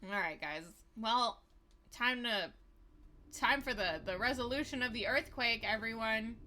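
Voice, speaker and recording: A woman's voice: on the high side, a little slow, pushed and bright. A young adult woman livestreaming a horror game, giving casual, chatty gameplay commentary full of crude, self-mocking asides.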